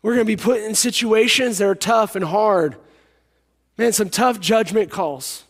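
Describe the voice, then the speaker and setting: A man delivers a sermon in a high, ringing voice. He presses his points by repeating them and drops low for his stories. Long reverb from a big hall trails every phrase. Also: unhurried. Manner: emphatic, repeats key lines, drops to a hush for stories. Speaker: preacher.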